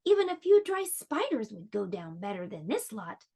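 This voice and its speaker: A prim royal peacock, voiced by a woman reading aloud, turns down his dinner in a hushed, breathy voice. He stays courtly and polite. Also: medium pitch, very animated, moderate pace, full character voice.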